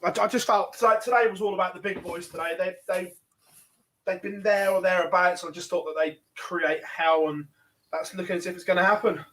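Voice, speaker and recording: Male darts commentator with a high-pitched voice, brisk and chatty, recorded a bit off-mic. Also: steady tone, a bit bright, recorded from a distance. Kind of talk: live online sports commentary.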